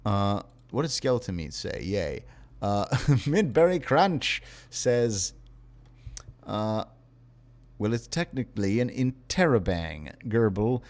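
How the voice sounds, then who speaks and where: A tired young man live-streaming, reading viewer messages aloud in a wry, unhurried way. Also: on the low side, big pitch swings.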